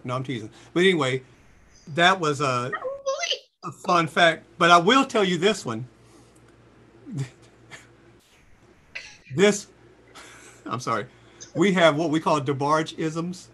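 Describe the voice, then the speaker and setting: A man in his sixties, a singer, telling lively stories in a casual interview and jumping into high voices for quotes. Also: unhurried, long pauses. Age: 60s. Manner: animated storyteller, jumps into high voices for quotes. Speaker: singer and guest.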